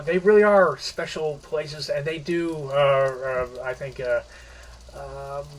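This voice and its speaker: Guy rambling through a story recap, kinda high voice for a man, lots of stops and restarts, faint noise behind. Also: distant mic, low-quality recording. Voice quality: halting, rambling, restarts mid-phrase. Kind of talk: casual spoken summary of a short story.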